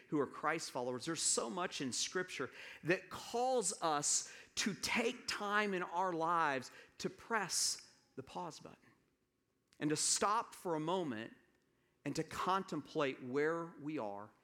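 Preaching a sermon, a man who pastors in the American South recounts something personal in a voice on the high side. He keeps it relaxed and chatty, restarting haltingly and turning to the congregation with asides.

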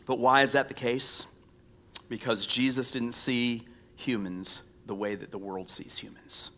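A male pastor giving a conversational sermon, reading scripture and dropping to a hushed whisper for emphasis, with self-deprecating asides. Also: mid-range voice, fairly even intonation, unhurried. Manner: self-deprecating humor with laughs.

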